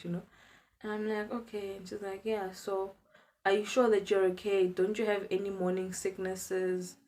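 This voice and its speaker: A young South African woman casually telling a personal story to her viewers, acting out the dialogue as she goes. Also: fairly low pitch. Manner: chatty, animated retelling with quoted dialogue. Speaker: vlogger.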